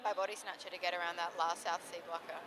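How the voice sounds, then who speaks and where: A woman's voice: lowish voice, steady tone, fast, background noise. A woman with an Australian accent doing easygoing live commentary on a roller derby game.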